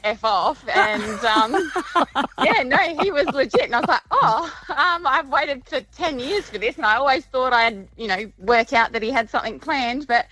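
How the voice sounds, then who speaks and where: A woman calling in to a radio show and telling a chatty story with laughs and quick asides. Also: sits high, animated, pushed and bright, no room sound, poor audio. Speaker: caller. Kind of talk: casual phone-in story.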